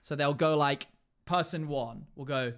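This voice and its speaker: A man's voice: on the high side, a little slow. Chatty young man humming while gaming. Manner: chatty, laughs often, hums to himself. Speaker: livestreamer. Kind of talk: casual chat with live chat while gaming.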